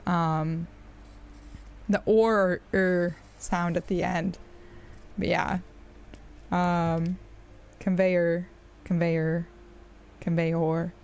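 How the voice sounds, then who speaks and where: A woman with an American accent rambles chattily to her chat during a gaming live stream, laughing often. Her voice sits fairly low and has a gravelly fry. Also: fairly even intonation, extremely slow, long pauses.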